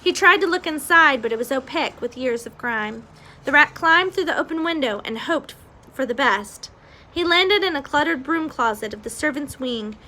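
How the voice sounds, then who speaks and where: Bright-voiced woman reading a children's book. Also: high voice, expressive, moderate pace, low-quality recording. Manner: recaps casually, then reads with expression. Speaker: reader. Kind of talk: reading a children's novel aloud.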